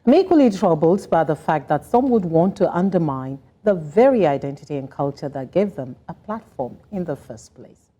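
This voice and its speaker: A woman's voice: deep voice, animated, moderate pace, mellow, breathy edge. A woman, co-hosting a TV talk show with an emphatic, concerned delivery. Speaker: co-host. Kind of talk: scripted TV talk show introduction.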